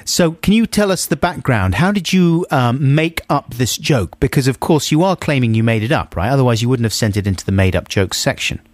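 A man's voice: mid-range voice, expressive, brisk, few pauses, no echo. A man co-hosting a radio show, chatting casually and joking in a studio. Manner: jokey, chatty. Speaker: radio host.

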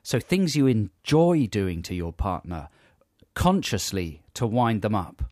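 Male radio host, animated pitch, dry close mic, hesitant rambling delivery. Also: a little slow, no room sound. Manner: hesitant, self-amused, rambling anecdotes. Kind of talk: casual radio banter.

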